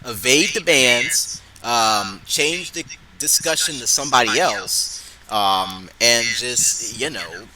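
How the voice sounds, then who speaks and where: A man's voice: mid-range voice, takes it slowly, sharp tone, slight background noise, rough recording. A man co-hosting a casual podcast, ranting hotly with lots of swearing. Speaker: podcast co-host.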